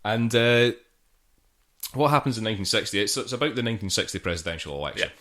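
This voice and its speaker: A man co-hosting a podcast, explaining in a casual, halting way with frequent restarts and light laughter. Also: fairly low pitch, animated, fairly bright tone. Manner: hesitant and halting, laughs easily. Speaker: podcast co-host.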